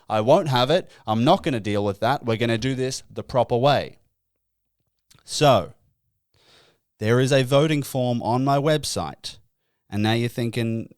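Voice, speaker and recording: Man, solo comedy podcast host, mock-grand and self-mocking, smooth voice, dry close mic. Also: medium pitch, measured pace, no echo. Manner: mock-pompous, self-deprecating, with chuckles.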